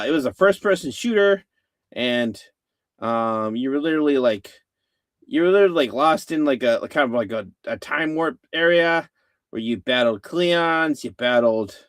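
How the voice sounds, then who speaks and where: A man hosts a casual chat show with a lively, bouncing pitch, and his voice sits at a middle register. He rambles, restarting his sentences and filling the gaps with ums and uhs. The recording is dry and close to the mic. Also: dry recording. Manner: rambling, full of fillers and restarts. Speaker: host. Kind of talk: casual live-stream chat.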